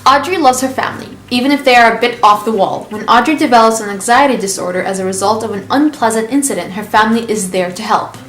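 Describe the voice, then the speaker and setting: A woman's voice: fairly high pitch, fast talker, hardly any pauses, a bit bright. A young woman vlogging about books, gushing and chatty, with lots of likes as she reads passages aloud. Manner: bubbly and gushing, with many likes. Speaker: book vlogger. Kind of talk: casual book review and reading aloud. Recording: roomy with faint music.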